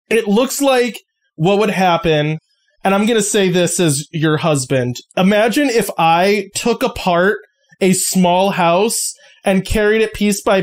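A man narrating a tabletop game as game master, casual and rambling with lots of fillers. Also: high voice.

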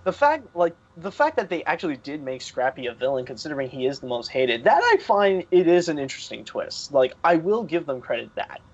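A young man talking in a high, bouncy voice that leaps up and down, excitable and laughing as he chats on a podcast. The audio is dull and lo-fi. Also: a little fast, hardly any pauses. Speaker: podcast panelist. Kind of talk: casual chat. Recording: dull lo-fi online call audio.

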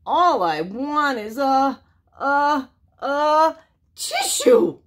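A woman's voice: high-pitched, sing-song, drawn-out words, fairly bright tone, pitched above the performer's own voice, full character voice. A woman voicing a polite, sniffling male wolf with a cold in a storybook read-aloud, stammering as he pleads. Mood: pleading.

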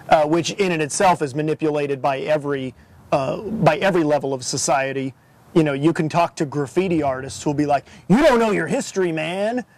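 A man with a fairly high voice makes wry, joking remarks in a casual lunch chat. He talks in an easy, conversational way. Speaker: magazine editor and gallerist. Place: restaurant.

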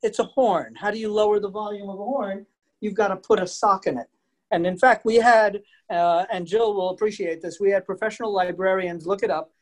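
A man presenting a virtual museum program over a video call, jokey and animated, laughing often and talking directly to the children watching. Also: sits high, brisk. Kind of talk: interactive virtual presentation for families.

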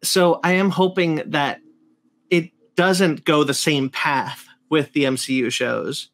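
A man co-hosting a casual review podcast, his voice sitting a little high. He stalls and restarts often and checks facts with questions. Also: steady tone, slow. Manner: hesitant, restarts a lot, asks questions. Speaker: podcast co-host.

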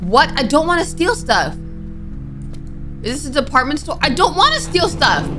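A woman's voice: high-pitched, big pitch swings, normal speed, music in the background. A young woman streaming a game, chatting to herself and reading the characters' lines aloud. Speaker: gaming streamer. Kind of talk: playthrough commentary with read-aloud dialogue.

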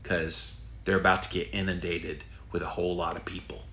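A man's voice: low voice, level tone, moderate pace, sharp tone, echoey room, slight background noise. A middle-aged man with a Southern US accent, hosting a podcast and answering listener questions in a candid, folksy way full of fillers. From Southern United States. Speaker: podcast host.

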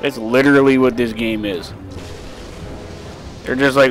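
A young man giving casual, rambling let's play commentary, swearing freely and breaking into sudden shouts. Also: mid-range voice, steady tone, measured pace, long pauses, soft background music. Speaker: gaming commentator.

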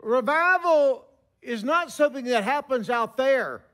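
A man in his sixties preaching a sermon, telling stories with emphatic pauses. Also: very high voice, expressive, a bit bright.

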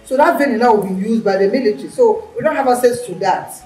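Woman acting as a bossy mom in a movie, scolds fast, roomy echo, kinda far off. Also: fairly high pitch, darkish tone, soft background music, lightly acted. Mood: impatient. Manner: firm, bossy, quick to scold. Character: strong-willed middle-aged mother planning her son's wedding. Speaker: mother. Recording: echoey room, mic at a distance.

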